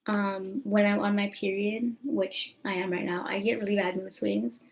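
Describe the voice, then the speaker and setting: A woman's voice: mid-range voice, fairly even intonation, moderate pace, gravelly, rough recording. A young woman, rambling casually to camera in a chatty vlog with lots of fillers. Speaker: vlogger.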